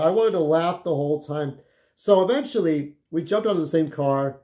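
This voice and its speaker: A vlogger with a slightly high, mellow voice speaks at a normal speed. He tells casual, meandering stories laced with swearing and keeps checking in with "okay?"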